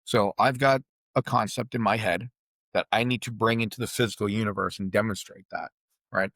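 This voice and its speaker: A man with a Boston accent, a golf coach explaining ideas in an animated way on a podcast over a video call. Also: lowish voice, fairly quick, no room sound. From Boston area, USA.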